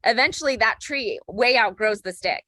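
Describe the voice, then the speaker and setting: A woman's voice: a little high, lively intonation, moderate pace, pushed and bright, no room sound, clean studio sound. A woman co-hosting a parenting podcast, talking in a reflective, affirming way and often checking in with "right?". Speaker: podcast co-host. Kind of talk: casual conversational chat.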